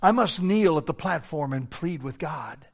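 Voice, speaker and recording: An older pastor with a notably high-pitched voice delivers a sermon. He preaches earnestly, dropping to hushed, low tones and then climbing into raised, urgent appeals. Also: animated, moderate pace, vocal fry.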